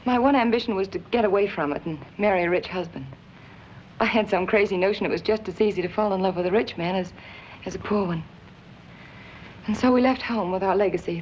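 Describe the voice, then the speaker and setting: An actress playing a young woman who has posed as an heiress, confessing haltingly in 1930s film style. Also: medium pitch, slight background noise, close to an everyday voice. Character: young woman posing as an heiress, earnest and flustered. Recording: dull 1930s film soundtrack.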